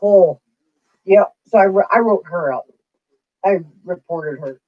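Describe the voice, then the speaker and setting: A woman's voice: fairly low pitch, a little slow, no room sound. A woman in her forties chatting casually on a livestream, telling stories bluntly and swearing freely. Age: 40s. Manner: blunt, profane storytelling. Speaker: livestream host. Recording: dull lo-fi dry sound.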